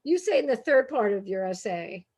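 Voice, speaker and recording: Husky brassy woman with a Brooklyn accent. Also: mid-range voice, moderate pace. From Brooklyn, New York. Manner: animated, self-deprecating, laughs often. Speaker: host and editor. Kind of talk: bookstore author conversation.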